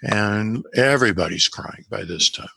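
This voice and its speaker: Calm male guest, deep and gravelly, measured case-history storyteller. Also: no echo. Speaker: guest practitioner of guided imagery. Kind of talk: telling a patient case history.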